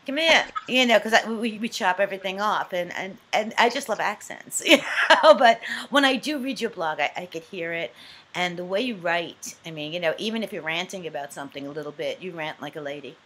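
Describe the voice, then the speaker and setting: Brooklyn lady hosting a video call, bright sharp voice, gushing and laughing. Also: fairly low pitch, fairly quick. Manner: enthusiastic and warmly praising, laughs often. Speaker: host. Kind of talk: casual video-call chat.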